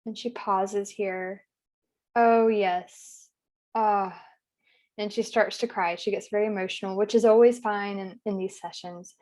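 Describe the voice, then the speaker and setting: A woman working as a hypnosis practitioner, recounting a regression session in a soft, unhurried, gentle way. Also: medium pitch, steady tone.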